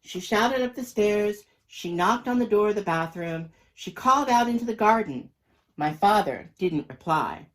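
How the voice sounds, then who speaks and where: Lively man reading a picture book. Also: high voice, normal speed, rough recording. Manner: lively, expressive storytelling. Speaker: storybook reader. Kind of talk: children's picture book read-aloud.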